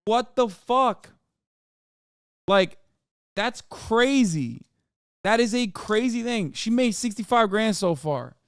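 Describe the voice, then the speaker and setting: A man's voice: sits high, lively intonation, slow, clean tone, no room sound, studio quality. A man streaming live, reacting to a clip in casual, blunt commentary full of swearing and disbelief. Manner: blunt, heavy swearing, incredulous.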